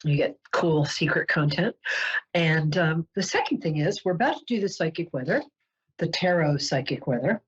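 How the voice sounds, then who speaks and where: Brief: New York woman, psychic show host, low husky voice, lively swoops, joking, chatty, muffled lo-fi sound. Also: moderate pace. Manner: playful, joking, digressive. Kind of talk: casual chatty monologue. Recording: dull lo-fi webcast audio.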